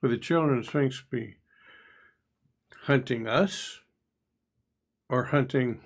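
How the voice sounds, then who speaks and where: A man of medium pitch co-hosts a casual game review podcast as a player, speaking slowly. He's chatty and musing in the discussion, often trailing off into asides.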